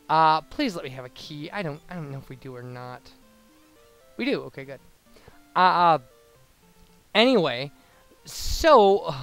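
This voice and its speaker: A man's voice: fairly high pitch, a bit bright, clean tone. Rambling man narrating his game play. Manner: rambling, full of restarts and fillers. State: hiccuping. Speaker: let's play host. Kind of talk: casual gameplay commentary.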